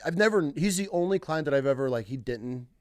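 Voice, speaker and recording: A young man, a hunting guide, telling stories in casual podcast chat, acting out clients in higher voices and laughing as he goes. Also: a little fast, dry recording, clean studio sound. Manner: animated, acts out clients in higher voices, laughs mid-story.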